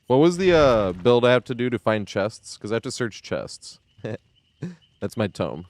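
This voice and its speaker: A man chatting casually on a live game stream, excitable and profane, laughing often. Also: mid-range voice, a little slow.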